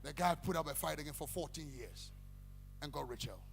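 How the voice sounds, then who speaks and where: High gravelly preacher man. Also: brisk. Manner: animated preaching that swings into shouted, sing-song calls to the congregation. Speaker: pastor. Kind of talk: sermon. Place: church hall. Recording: echoey church hall with faint hum.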